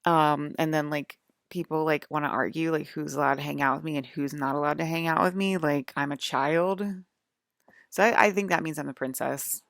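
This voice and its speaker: A woman's voice: low-pitched, fairly even intonation, normal speed, vocal fry, a bit bright, no echo, studio quality. A woman rambling in an agitated monologue to her viewers, full of "like" fillers and swearing. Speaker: vlogger.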